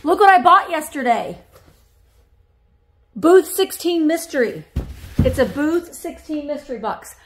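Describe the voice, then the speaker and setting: A woman antique reseller talks through a casual unboxing vlog with a high, bright-sounding pitch and a slow, easy pace. She chats to her viewers and even to the items she pulls out, breaking into excited exclamations. Faint clicks and light noise sit under her voice. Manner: chatty, easily excited, talks to viewers and objects. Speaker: antique reseller and shop owner. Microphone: camera on a tripod.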